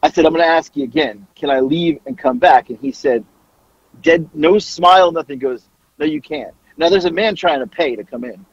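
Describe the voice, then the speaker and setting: Forty-something male podcast host, loud and foul-mouthed, slightly high husky voice, dry lo-fi sound. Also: fairly quick, no room sound. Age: 40s. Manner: loud, profane, animated storyteller. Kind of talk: casual storytelling chat.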